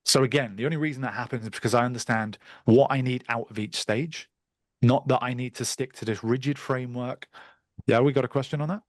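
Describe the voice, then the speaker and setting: A man's voice: medium pitch, steady tone, no room sound. Man coaching a sales masterclass. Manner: brisk, direct, mildly crude coaching. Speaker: sales trainer. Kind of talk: live online masterclass teaching.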